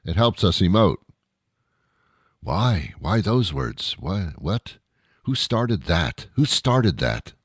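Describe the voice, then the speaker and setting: A man's voice: low-pitched, very animated, takes it slowly, husky, dry recording, studio quality. A middle-aged man from Canada hosting a talk show, ranting in disbelief and mocking people with imitations. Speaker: radio show host. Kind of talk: solo talk show monologue.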